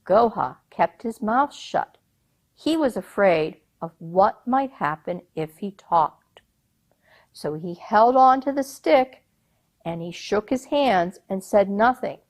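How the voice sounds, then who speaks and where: A woman telling a folk tale at a slow, deliberate pace. She speaks expressively and draws her listeners in with questions. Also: mid-range voice, expressive. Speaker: storyteller.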